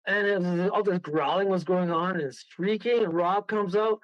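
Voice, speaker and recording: A man's voice: sits high, steady tone, moderate pace, no echo, muffled recording. A man, a guest medium on a radio show, telling a rambling story full of laughs and acted-out quotes.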